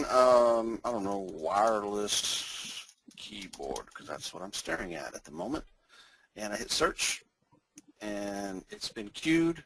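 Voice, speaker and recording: A man with a North Texas accent giving a casual, rambling screen-share demo of software as a webinar presenter. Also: fairly low pitch, sing-song, slow pace, slight background noise, rough recording. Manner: folksy, rambling, chuckles often.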